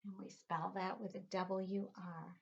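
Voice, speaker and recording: A woman's voice: medium pitch, little pitch movement, unhurried, gravelly. A middle-aged woman teaching a phonics lesson to young children, patiently spelling words out letter by letter. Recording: dull lo-fi recording.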